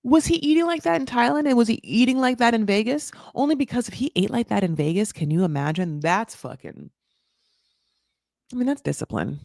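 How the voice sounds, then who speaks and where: A woman's voice: a little high, animated, brisk, gravelly, darkish tone, dry recording, clean studio sound. A woman hosting a casual reality-show recap, gossipy and sarcastic, swearing and filling her talk with "like".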